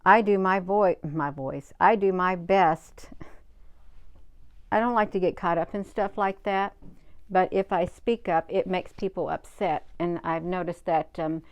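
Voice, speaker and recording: A woman's voice: fairly low pitch, steady tone, a little slow, no echo. A woman hosting a casual livestream, chatting to viewers and answering their comments, who drives her points home by repeating them in short, emphatic bursts. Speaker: livestream host. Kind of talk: casual live-stream chat, reading viewer comments.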